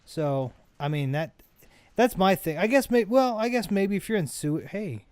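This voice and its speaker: A man's voice: high voice, animated, normal speed, a little mellow, clear, resonant tone, no room sound. A man casually commentating a video game he plays, rambling and often correcting himself mid-sentence. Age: adult parent. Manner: rambling, self-correcting, chatty. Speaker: let's play host.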